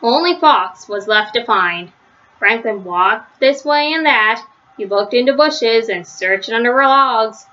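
A woman reading a children's story aloud, gentle, with small slips and restarts, on a slightly lo-fi recording. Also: on the high side, lively intonation, slow pace. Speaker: storybook reader.

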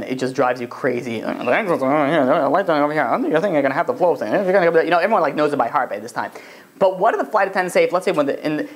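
A man, a rabbi, giving an animated Torah class, often restarting his sentences and acting out the voices he quotes. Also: fairly high pitch, slightly rough.

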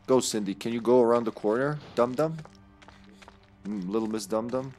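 A man's voice: mid-range voice, fairly quick, darkish tone, soft background music. A man streaming a game live, commenting with jokes, frequent swearing and laughter. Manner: joking, swearing, laughing often.

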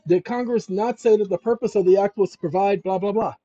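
A fairly high-voiced man with a husky, mellow tone talks viewers through documents on his screen. He speaks emphatically and keeps checking in with his audience. The recording sounds dull and lo-fi. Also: brisk, dry recording. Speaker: channel host giving legal advice. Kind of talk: instructional screen-share talk.

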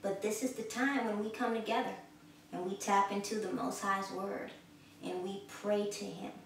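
An earnest woman delivers a sermon, repeating her phrases and rising in force as she exhorts. Her voice sits at a middle pitch and is caught from some way off the mic. It rings around a strongly echoing room with a faint hiss underneath. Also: steady tone, normal speed, creaky. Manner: earnest, repeats phrases for emphasis, swells in volume when exhorting. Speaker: preacher. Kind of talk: spoken sermon. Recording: echoey room, from a distance.

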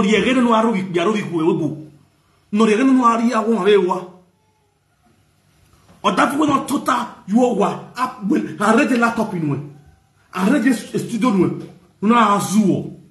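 A Nigerian man with a loud, mocking manner, ranting in a gossip vlog with bursts of shouting and laughter. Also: sits high, reverberant. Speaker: gossip vlogger.

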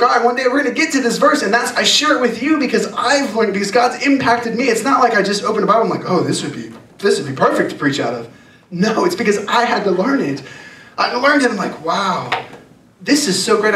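A man's voice: high-pitched, pushed and bright. A man preaching a sermon to students as youth pastor, earnest and conversational, repeating phrases for emphasis. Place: church youth hall. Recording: echoey hall, mic at a distance.

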